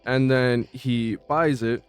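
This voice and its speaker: Medium in pitch, slow and smooth with a steady tone, a man recounts his old job for his vlog in a relaxed, foul-mouthed, slang-heavy way. He keeps tripping over restarts while faint music plays.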